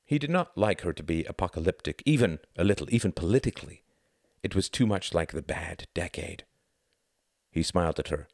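A man reading a novel aloud as narrator, in a measured storytelling manner. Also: deep voice, lively intonation, creaky, darkish tone, no echo, studio quality. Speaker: audiobook reader.

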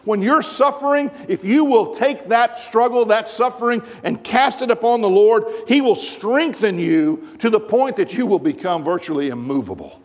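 A man's voice: high-pitched, normal speed, few pauses, big-room sound. A man preaching a sermon as pastor, emphatic and full of rhetorical questions. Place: church sanctuary.

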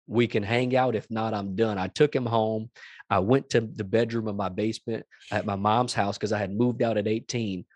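A man's voice: on the low side, dry recording. A man, a pastor, giving a passionate testimony in an interview, emphatic and repeating phrases. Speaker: pastor and executive director, guest.

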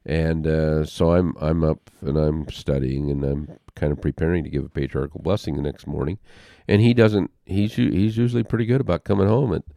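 An older man telling a personal story as an interview guest, halting and heartfelt, with pauses and restarts. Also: extremely low pitch, steady tone, creaky, mellow, dry recording, studio quality.

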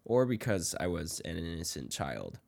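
Young male podcast host, lowish voice, reads a ghost tale from notes and trips over names. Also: sing-song, normal speed, creaky, a little mellow. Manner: reads from notes, stumbles over Hawaiian names, laughs often. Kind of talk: reading a ghost story aloud, casual chat.

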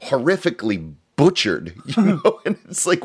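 A man's voice: mid-range voice, moderate pace, slightly rough. A man co-hosting a podcast, chatting casually about a movie, laughing often and acting out scenes. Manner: animated, laughs often, acts out quotes from scenes. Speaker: podcast co-host reviewing a film. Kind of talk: casual chat.

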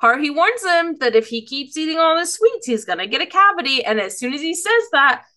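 A woman recapping a cartoon episode in a loose, rambling way. Her voice is bright and a little high, and she giggles and loses her place now and then. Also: sing-song, a little fast. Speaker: podcast co-host.

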